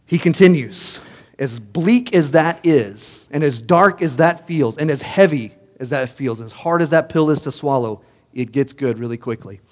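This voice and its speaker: A man's voice: on the high side, moderate pace, a little mellow, in a large hall. A male pastor preaching a sermon, telling stories and building to emphatic, uplifting peaks.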